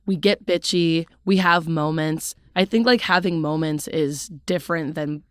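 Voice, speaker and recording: A woman's voice: low-pitched, unhurried, clean tone, dry recording. A young woman co-hosting a podcast, chatting casually in a rambling way full of fillers. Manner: rambling, filler-heavy, relaxed. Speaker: podcast co-host. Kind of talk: casual chat.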